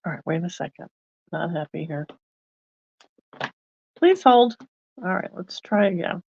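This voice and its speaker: A woman's voice: on the low side, steady tone, brisk, creaky, highs cut off, slight background noise. A woman hosting a card-making video, chatting casually and thinking aloud as she works. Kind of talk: casual crafting demonstration.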